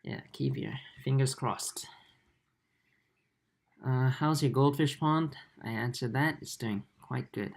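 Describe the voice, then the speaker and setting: Young male streamer, Australian-tinged accent, casual and relaxed, laptop mic. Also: medium pitch, slow, gravelly. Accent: Australian-tinged English. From Japan and Singapore. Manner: relaxed, easygoing, many fillers and restarts. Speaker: aquarium channel host. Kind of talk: casual livestream chat reading comments.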